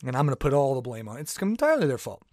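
This podcast host is a man whose medium-pitched, slightly mellow voice is sing-song and rapid-fire. Alone on his show, he delivers a casual, rambling, exasperated rant full of restarts and laughter. The podcast-mic audio is studio quality with no room sound.

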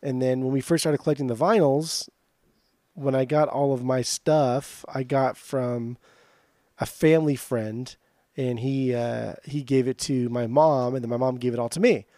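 A man's voice: mid-range voice, fairly even intonation, normal speed, warm tone, dry recording, clean studio sound. A young man co-hosting a casual chat, rambling and hesitant, with some teasing. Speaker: podcast co-host.

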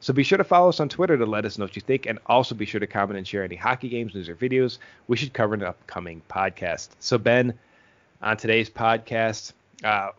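A man hosting a podcast in casual chat, rambling quickly and laughing often. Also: lowish voice, fairly bright tone. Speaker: podcast host. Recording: dull lo-fi audio.

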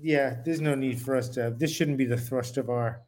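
A man's voice: medium pitch, steady tone, moderate pace, darkish tone, a little hiss or hum. A man co-hosting a podcast, pushing back on his partner in casual debate and laughing easily. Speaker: podcast co-host.

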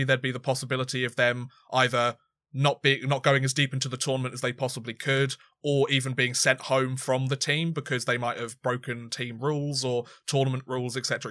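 A man's voice: mid-range voice, sharp tone, no room sound, clean studio sound. A man co-hosting a sports podcast, chatting casually and rambling, with frequent restarts and fillers. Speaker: podcast co-host.

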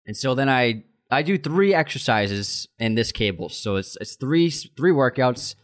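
Animated man telling a heated story. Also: medium pitch, measured pace. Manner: animated storyteller, acts out heated dialogue, many restarts. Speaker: podcast co-host. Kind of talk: casual chat, storytelling.

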